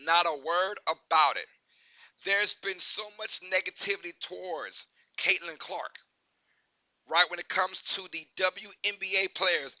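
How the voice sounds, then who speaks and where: A man hosting a sports talk show, giving animated, emphatic opinions and often asking "right?". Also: high-pitched, no echo, low-quality recording.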